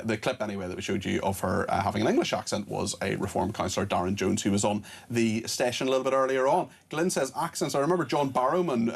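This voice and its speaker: A Northern Irish man hosts a studio panel, talking quickly and briskly. His voice sits at an ordinary middle pitch. He is chatty and reads viewer messages aloud. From Northern Ireland. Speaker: presenter.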